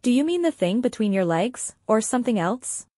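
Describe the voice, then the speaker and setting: Earnest Russian immigrant woman, careful and literal, voiced by a woman narrator; fairly high, dry close sound. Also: very animated, normal speed, darkish tone, no room sound. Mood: earnest, puzzled.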